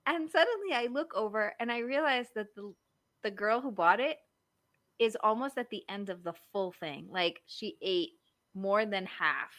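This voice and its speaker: Bright chatty woman telling stories. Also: medium pitch, animated, normal speed, no echo. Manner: chatty storyteller, lots of likes and you-knows. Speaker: marriage coach. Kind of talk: casual podcast chat.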